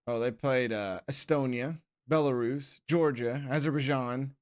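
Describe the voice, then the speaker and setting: A man's voice: medium pitch, unhurried. A man casually commenting on his football manager game on a live stream, laughing often and reading questions aloud. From England.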